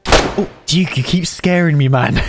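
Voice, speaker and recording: A man hosting a gaming channel, narrating and chatting with teammates, excitable and nervous. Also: a little high, over loud music. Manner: excitable, nervous, quick reactions. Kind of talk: gameplay voice chat and narration.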